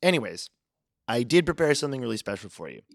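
A man's voice: medium pitch, very animated, fast talker, creaky, no room sound. A man hosts a podcast segment in a casual, self-deprecating way. He records in a small closet with makeshift borrowed gear, and the sound is dry and close. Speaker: podcast host. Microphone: borrowed makeshift audio gear.

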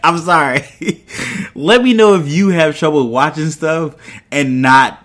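A man's voice: fairly high pitch, lively intonation, measured pace, fairly bright tone, slight background noise. A man hosting a podcast, retelling a TV episode in a loose, chatty way with side comments. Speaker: podcast host. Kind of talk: casual episode recap.

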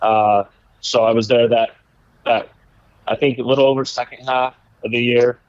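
A man of middle pitch tells a story in a loose, rambling way, with easy laughs along the way. The recording is dry and a little dull, with no room sound. He sounds relaxed, a guest in a conversation. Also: moderate pace, clean tone, no echo. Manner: laid-back, rambling, laughs while telling stories. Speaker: former baseball pitcher, guest.

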